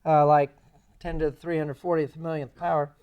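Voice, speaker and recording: A man giving a creation science lecture in a church, animated and sarcastic in his asides. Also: fairly high pitch, normal speed, smooth, highs cut off. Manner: animated, sarcastic asides, mocking quoted voices. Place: church sanctuary.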